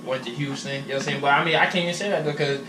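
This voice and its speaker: A man's voice: medium pitch, steady tone, very fast, over music. A young man co-hosting a podcast, talking in loose, profane slang and laughing often. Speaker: podcast co-host. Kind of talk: casual chat. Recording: echoey room, far from mic.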